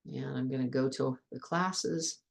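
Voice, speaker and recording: Low-voiced woman teaching a biology lab. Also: measured pace, vocal fry. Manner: chatty, patient step-by-step instruction. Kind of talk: classroom lab walkthrough.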